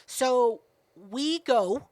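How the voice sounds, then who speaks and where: Brash, high-voiced woman storyteller. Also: drawn-out words. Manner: brash, profane, animated retelling. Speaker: podcast co-host. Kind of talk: casual storytelling chat.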